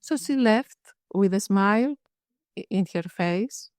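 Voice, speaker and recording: Slow, measured woman psychiatrist telling a case. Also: medium pitch, animated, darkish tone, dry recording, clean studio sound. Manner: slow, measured storytelling with frequent restarts. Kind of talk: case presentation in a webinar. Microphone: video call.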